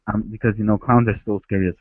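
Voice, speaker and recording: A man's voice: lowish voice, fairly even intonation, fast. Man telling a story over a tinny line. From Ecuador. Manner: rambling, with frequent restarts. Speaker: caller. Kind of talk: phone-in storytelling. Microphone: headset. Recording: dry, tinny phone-like line.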